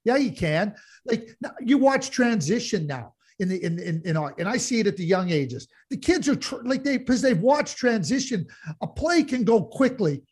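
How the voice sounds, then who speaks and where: Male co-host, high voice, animated and heated hockey talk. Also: moderate pace, breathy edge. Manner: animated, gets heated and loud, many restarts. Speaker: podcast co-host, hockey analyst. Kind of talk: casual sports chat.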